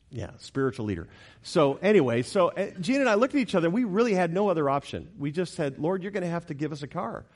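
Animated man preaching a sermon. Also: on the high side. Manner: animated storyteller, jokes with congregation, acts out quotes. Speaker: pastor.

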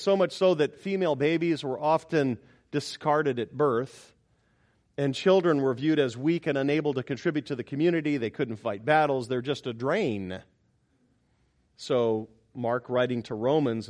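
A middle-aged man preaching a sermon as a pastor, emphatic and expressive, moving between loud exclamations and quiet reflection. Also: fairly high pitch.

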